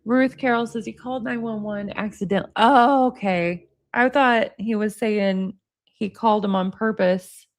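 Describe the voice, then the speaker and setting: A woman's voice: medium pitch, steady tone, a little slow. Blunt, laughing woman commentator. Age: 40s. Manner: blunt, swears freely, laughs often. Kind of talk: casual reaction commentary, reading texts aloud.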